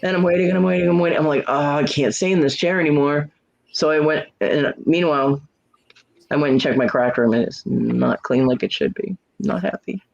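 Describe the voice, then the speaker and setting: A middle-aged woman hosting a casual livestream chat, telling a story with lots of swearing and jumping into high voices for quotes while greeting viewers. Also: a little fast, gravelly. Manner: profane, animated storytelling with leaping voices for quotes. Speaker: livestream host. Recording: muffled lo-fi stream audio.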